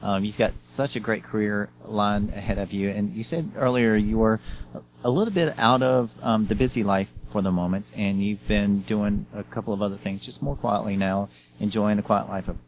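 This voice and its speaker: Enthusiastic lower-voiced male show host. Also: moderate pace, slight background noise, rough recording. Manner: enthusiastic and affirming, many ums, restarts mid-sentence. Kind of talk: interview host chat.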